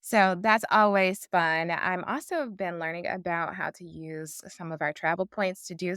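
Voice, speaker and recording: A woman's voice: fairly low pitch, a bit bright, clean tone, no room sound, clean studio sound. A woman who is a doctor co-hosting a podcast, speaking in an easygoing, conversational way. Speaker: podcast co-host. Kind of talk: casual podcast chat.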